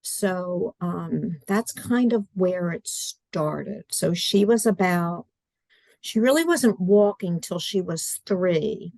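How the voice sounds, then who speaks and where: A woman's voice: fairly low pitch, slow, vocal fry, darkish tone, no echo. A middle-aged woman talking casually as an interview guest on a video call from home, earnest and chatty, acting out her own quotes. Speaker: guest, adaptive curriculum writer. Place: at home in a study.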